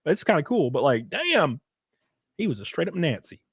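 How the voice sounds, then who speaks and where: A man's voice: a little high, moderate pace, husky, dry recording. Guy rambling thru a story on a live stream, lots of likes and ums, dry close mic. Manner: rambling, animated, many fillers and acted quotes. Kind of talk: casual storytelling chat.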